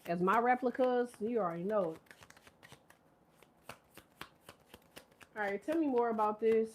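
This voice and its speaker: A woman's voice: fairly high pitch, slow pace, slight background noise. A woman in her thirties giving a casual tarot reading, rambling, profane and laughing often. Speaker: tarot reader. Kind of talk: casual live tarot chat.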